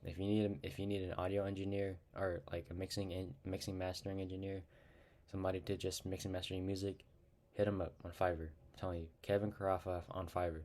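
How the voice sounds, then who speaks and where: Low-voiced young man, hesitant rambling talk. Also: flat delivery, fairly quick, darkish tone. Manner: hesitant, rambling, many fillers and restarts; self-conscious and awkward on camera. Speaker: rapper dissecting his own lyrics. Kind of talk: casual self-recorded talk to camera.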